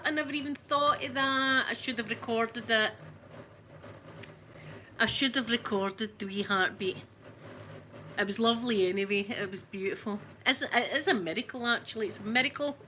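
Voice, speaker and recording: A woman's voice: mid-range voice, sharp tone, a little hiss or hum. An older Scottish woman talking casually to viewers on a livestream, rambling and correcting herself and laughing often. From Scotland. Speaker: livestream host. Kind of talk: casual live chat with viewers.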